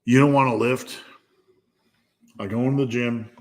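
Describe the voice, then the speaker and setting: A man's voice: medium pitch, steady tone, normal speed. A man hosting a live fitness Q&A, giving a blunt, profane pep talk. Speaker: fitness channel host.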